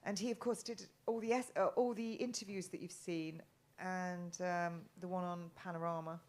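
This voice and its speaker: Rambling low-voiced middle-aged woman. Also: steady tone, moderate pace, a little mellow. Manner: rambling, many restarts and ums. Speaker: guest. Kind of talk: casual live chat.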